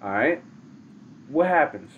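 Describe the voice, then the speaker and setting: A man casually retelling a story aloud, animated and slangy, calling out to his listeners. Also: fairly high pitch, takes it slowly, narrow, tinny audio, a little hiss or hum.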